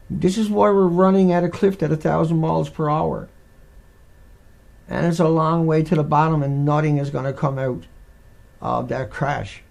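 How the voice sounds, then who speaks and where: A man's voice: on the high side, vocal fry, a little mellow. A man hosting a live stream, talking in a rambling, digressive way with many restarts.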